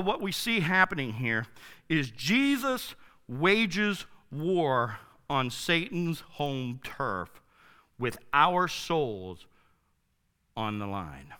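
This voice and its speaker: A man preaching a sermon in a casual, enthusiastic, slangy way, swinging from loud to soft. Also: fairly high pitch, clear, resonant tone. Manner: enthusiastic, informal, slangy, dramatic swings in loudness. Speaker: pastor.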